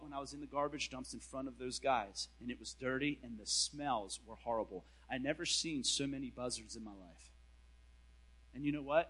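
A man preaching a storytelling sermon in a casual, slangy way, swinging between loud bursts and hushed asides. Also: medium pitch, low-quality recording.

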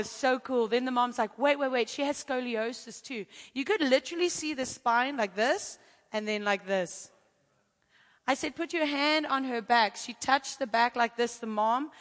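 Woman, preacher, sermon testimony, animated storytelling, high voice, long hall reverb. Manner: animated storytelling, acting out quotes.

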